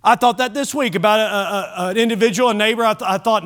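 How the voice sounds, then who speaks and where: A male pastor preaching a sermon, swinging from loud exhortation to hushed lines, with conversational asides to the congregation. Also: sits high, steady tone, fast.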